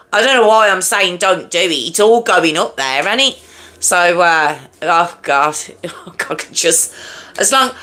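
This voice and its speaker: A woman's voice: medium pitch, sharp tone. A woman hosting a live stream, chatting casually and self-mockingly with her viewers and laughing often, from home. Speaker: livestream host. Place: at home with a fan nearby.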